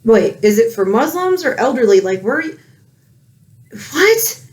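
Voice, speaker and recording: A woman's voice: fairly high pitch, lively intonation, brisk, darkish tone. A woman with children, ranting angrily in a heated commentary, swearing often. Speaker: political commentary vlogger.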